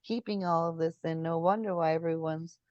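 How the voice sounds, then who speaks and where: A woman's voice: low-pitched, fairly even intonation, brisk, a little mellow, no echo, muffled recording. A woman in a casual spiritual chat, telling stories, acting out quotes and searching for words as she goes. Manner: chatty storyteller, acts out quotes, searches for words. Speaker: guest.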